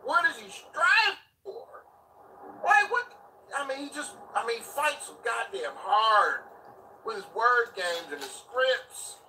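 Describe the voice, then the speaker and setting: A man ranting loudly and profanely on a live stream while driving, with sudden yelling bursts. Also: extremely high pitch, animated, slow pace, far from the mic, a little hiss or hum, low-quality recording. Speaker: commentary streamer. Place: driving in a vehicle. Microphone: phone in hand.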